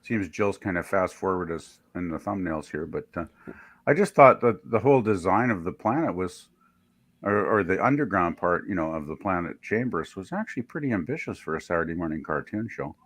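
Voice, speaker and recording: A man's voice: low-pitched, lively intonation, a little fast, a bit bright, no room sound. A man hosting a casual review chat, easygoing with a wry humor.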